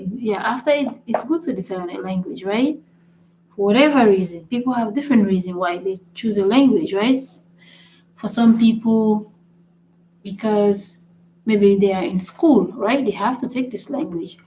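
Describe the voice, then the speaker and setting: A woman of ordinary pitch leads a relaxed live-streamed lesson, chatting away and repeating her example words. She keeps checking in with her viewers, and a faint hum sits behind her voice. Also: poor audio. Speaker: language learning channel host.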